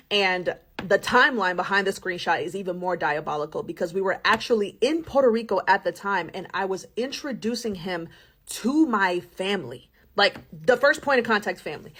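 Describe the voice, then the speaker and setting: In a casual, animated storytime style, a young woman recounts something from her own life, adding laughs and dramatic asides. Her voice is medium in pitch.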